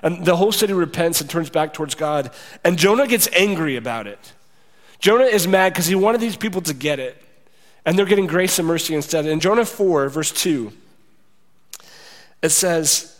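Brief: sincere man preaching, slightly high voice, long reverb from a big church room. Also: lively intonation, moderate pace. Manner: earnest, confessional, softens into quiet prayer. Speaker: pastor. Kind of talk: sermon and closing prayer. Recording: reverberant hall.

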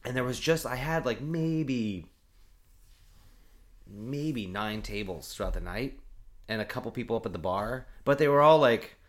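Man, casual podcast guest, animated, mid-range voice. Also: medium pitch, measured pace. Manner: animated storyteller, acts out voices.

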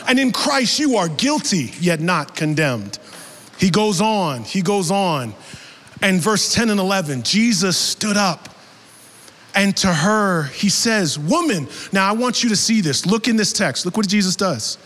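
A young man preaching a sermon as an animated storyteller, dropping his voice low for quoted people and rising to shouts. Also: measured pace. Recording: long hall reverb.

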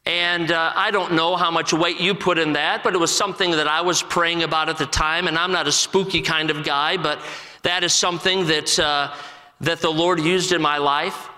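A man in his forties gives an earnest testimony from the pulpit, his voice bright and forceful and a little high for a man. He halts and restarts often. A long reverb from the church hall hangs behind his words. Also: fairly even intonation. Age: 40s. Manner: earnest, halting with many restarts. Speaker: assistant pastor. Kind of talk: personal testimony sermon.

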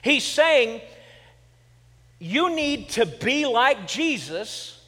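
A man's voice: very high voice, big pitch swings, drawn-out words, a bit bright, long reverb tail. A middle-aged male pastor from Kansas preaching a sermon, telling stories with humor and then pressing his points with emphasis. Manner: conversational storytelling with humor, building to emphatic points. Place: church sanctuary.

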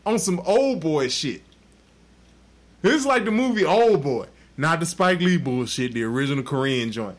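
A man's voice: a little high, expressive, normal speed. A man hosting a podcast, telling a story in crude, profane, casual chat. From Texas. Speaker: podcast host.

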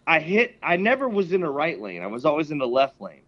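High-voiced man telling stories. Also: brisk, dull audio. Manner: animated storyteller, swears freely. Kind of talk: casual podcast chat.

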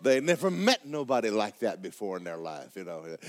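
A middle-aged male pastor, preaching a sermon in a folksy storytelling way that climbs into shouts. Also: fairly low pitch, big pitch swings, moderate pace.

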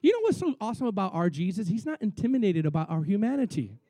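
A male pastor delivers a sermon in a high, very lively voice, acting out quotes with big swings between loud and soft. The sound is dry and close, with no room echo. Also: quick pace.

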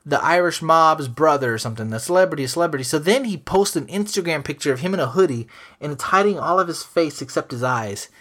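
A young man hosting a casual podcast chat, telling stories in a profane, animated way. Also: on the high side, fast talker. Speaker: podcast host.

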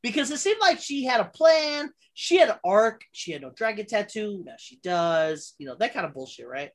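Woman, casual movie chat, breathy, very expressive pitch, profane. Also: moderate pace. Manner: animated, profane, laughs often.

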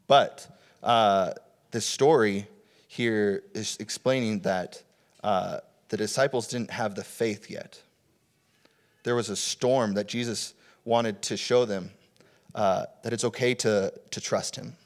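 A man's voice: lowish voice, takes it slowly. Young man, casual sermon voice, chatty and informal, full of "uh" and "like". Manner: conversational, casual preaching with many fillers. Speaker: preacher.

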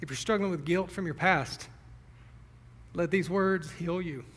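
A young man preaching in a church sanctuary, his fairly high voice carrying through a long, echoing hall. He speaks to the congregation directly and earnestly. He sounds a little teary and emotional. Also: a little slow, fairly bright tone. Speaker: pastor. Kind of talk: sermon.

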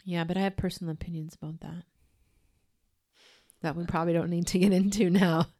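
A woman's voice: on the low side, steady tone, a little fast, warm tone. A woman in her thirties co-hosting a podcast in casual, enthusiastic, teasing chat. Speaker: podcast co-host.

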